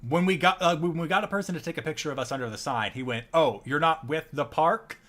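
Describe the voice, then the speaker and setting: A man's voice: fairly high pitch, quick pace, a bit bright. A man co-hosting a casual chat, telling trip anecdotes over his own video footage with a chatty, laughing manner. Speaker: co-host.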